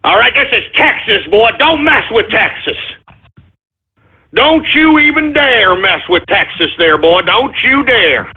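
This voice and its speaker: A man's voice: high-pitched, expressive, unhurried, husky, full character voice. A man playing a blustering, foul-mouthed Texan talk radio host who rants, curses and stumbles over his words. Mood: ranting. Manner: ranting, cursing, stumbling over words, drunk-sounding bravado. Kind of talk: parody talk radio rant. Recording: tinny phone-like radio sound.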